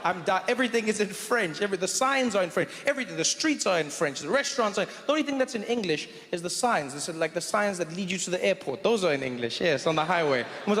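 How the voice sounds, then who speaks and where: A male stand-up comedian performs on stage through a handheld mic, in a wry voice that breaks off and restarts with asides. His voice is high for a man. A long reverb fills the hall, and faint ambience sits underneath. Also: big pitch swings, fast, few pauses, a bit bright, some chatter behind, slight background noise. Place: comedy stage in a large venue.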